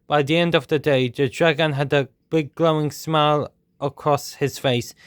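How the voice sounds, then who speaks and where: Male storyteller, steady measured read-aloud, dry close sound. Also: fairly high pitch, clean tone, dry recording. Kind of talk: reading a children's storybook aloud.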